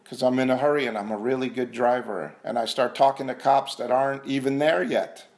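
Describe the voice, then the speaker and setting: A man's voice: mid-range voice, fairly quick, background noise. A man speaking earnestly at a recovery meeting, sharing in a conversational, self-questioning way. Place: meeting room.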